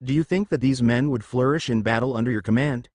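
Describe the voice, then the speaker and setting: A man's voice: mid-range voice, fast, a little mellow, dry recording, studio quality, natural voice. Valdis, a man voicing a stern viking commander. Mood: firm.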